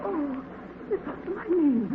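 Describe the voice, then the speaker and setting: Shrill scared young woman, high and swooping, crackly echoey old radio play. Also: sing-song, a little slow, narrow, tinny audio. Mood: frightened. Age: young adult. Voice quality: breathless, shrill pleading. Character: excitable, frightened young woman trapped in mine. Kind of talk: 1930s radio drama acting. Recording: scratchy, echoey 1930s radio broadcast.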